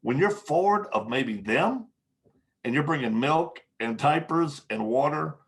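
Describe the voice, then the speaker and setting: A man, a podcast guest, telling candid stories in conversation, with frequent pauses and restarts. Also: fairly high pitch, lively intonation. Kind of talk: storytelling in conversation.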